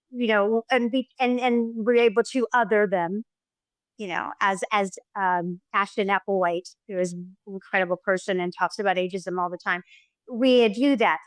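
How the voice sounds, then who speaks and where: A middle-aged woman, a podcast guest, chatting casually and telling stories with lively enthusiasm. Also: medium pitch, no room sound. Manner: effusive, animated storyteller. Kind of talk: casual interview chat.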